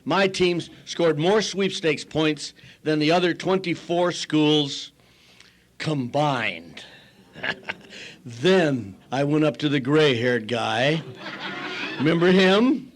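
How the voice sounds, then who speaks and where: A man's voice: fairly high pitch, animated, slow pace. Older man telling a wry, self-mocking story. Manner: acts out quoted people in voices. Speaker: AA speaker. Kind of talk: recovery talk storytelling.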